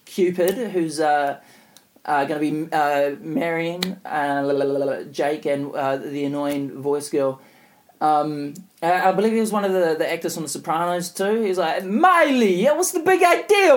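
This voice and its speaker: A man's voice: on the high side, darkish tone. A man co-hosting a podcast, recapping an episode in a rambling, casual way full of fillers. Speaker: podcast co-host. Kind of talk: casual chat.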